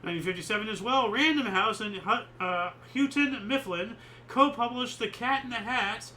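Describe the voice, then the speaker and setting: High, bright-voiced man hosting a chat. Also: normal speed, slight background noise, rough recording. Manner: rambling, opinionated, many fillers. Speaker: host. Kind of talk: casual chat reading history dates.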